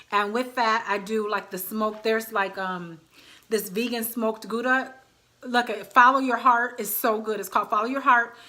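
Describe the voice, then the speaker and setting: A woman vlogger in her thirties talks casually straight to her viewers, calling them y'all. Her voice is bright and sits a little high, with an easy, friendly flow. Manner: chatty, addresses viewers as y'all. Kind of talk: casual chat to camera.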